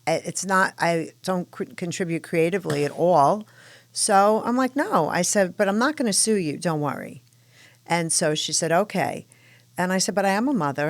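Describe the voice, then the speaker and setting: A middle-aged woman with a Brooklyn accent, a guest telling lively stories in a casual interview. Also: fairly low pitch, no echo. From New York. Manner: lively anecdotal storytelling, warm affirmations. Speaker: guest psychotherapist and author.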